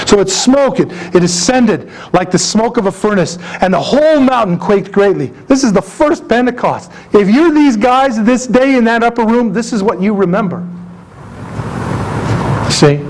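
A man preaching a sermon as pastor, emphatic and animated, with asides and jokes to his congregation. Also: sits high, slight background noise, rough recording. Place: church sanctuary.

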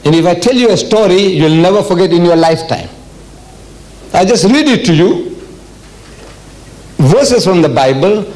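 A man's voice: high voice, expressive, normal speed, pauses often, a little mellow, poor audio. An older man from South Africa giving a public religious lecture, emphatic and repetitive, with frequent rhetorical questions. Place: lecture hall.

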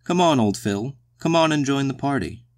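A man's voice: medium pitch, very animated, moderate pace, creaky, a little mellow. A man voicing a tipsy, mocking woman at a beach party in an audiobook story. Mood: teasing.

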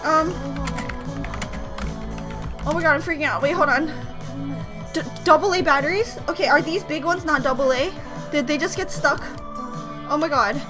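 A young woman chatting excitedly at home as a reaction vlogger, flustered and rambling, often restarting her sentences. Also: high-pitched, moderate pace, long pauses, music in the background. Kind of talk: excited casual vlog chat. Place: home room.

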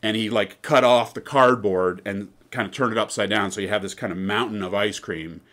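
A man's voice: on the low side, steady tone, brisk, a bit bright. A man giving an informal lecture in a chatty, digressive way, often checking in with "right?".

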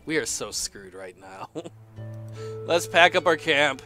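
A man's voice: a little high, lively intonation, takes it slowly, sharp tone, soft background music. A man casually commenting on a game as he plays, exclaiming often, laughing and reading the game's text aloud. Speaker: let's player.

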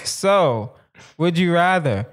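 A man's voice: a little high, animated, slow pace. Playful young man hosting a comedy podcast. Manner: playful, laughs often, repeats lines for jokes. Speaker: podcast host. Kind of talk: casual comedy podcast chat.

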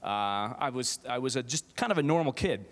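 With lively intonation and a moderate pace, a middle-aged man in a mid-range voice delivers a comic keynote as a theater professor. He is self-deprecating and keeps restarting and filling pauses, and the big auditorium adds echoey hall reverb.

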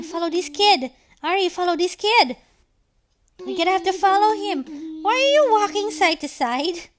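A woman in her thirties playing a video game with her child, giving animated, exclamation-filled commentary. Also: very high-pitched. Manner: animated, frequently exclaiming and calling for help. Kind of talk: excited gameplay commentary.

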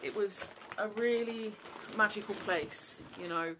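A woman's voice: medium pitch, unhurried, background noise. A woman, chatting casually to camera in a rambling way, full of fillers. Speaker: vlogger.

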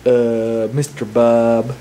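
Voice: mid-range voice, little pitch movement, extremely slow, dark tone, slight background noise. A performer voicing a blunt, rude male villager who talks with broken grammar, in a comedy skit. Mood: hesitant.

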